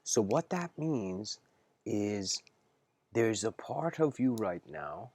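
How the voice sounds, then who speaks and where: A man's voice: medium pitch, warm tone, slight background noise. Male lecturer, mid-range voice, thinks aloud on a livestream, searching and hesitant. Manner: searching and halting, restarts phrases, checks in with "okay?". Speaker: spiritual lecturer. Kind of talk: livestreamed improvised philosophical lecture.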